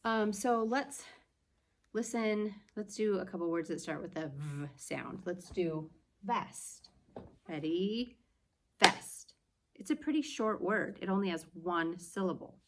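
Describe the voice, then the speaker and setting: Against a noisy background, a woman teacher with a mid-range, animated voice patiently sounds out words slowly and clearly in an early-reading phonics lesson for young children.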